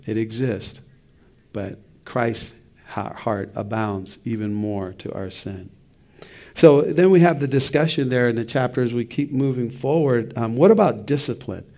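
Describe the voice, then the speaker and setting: Gravelly-voiced man teaching a church study. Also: medium pitch. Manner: conversational, reflective, with soft laughs and restarts. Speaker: pastor.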